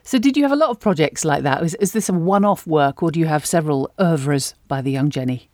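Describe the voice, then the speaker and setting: A woman's voice: low voice, animated, fairly quick, darkish tone, dry recording, clean studio sound. A woman hosting an interview, asking questions with enthusiastic appreciation. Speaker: interviewer, host. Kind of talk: casual interview.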